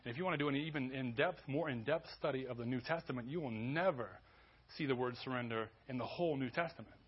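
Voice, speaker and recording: A man preaching a sermon as pastor, conversational with restarts, building to loud emphasis. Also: mid-range voice, quick pace, slightly rough, highs cut off. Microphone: church sermon recording.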